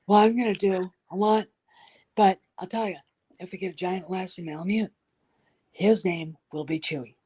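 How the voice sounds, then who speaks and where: Husky woman in casual chat. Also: fairly low pitch, normal speed, dry recording, poor audio. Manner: animated storyteller, drops into soft whispers.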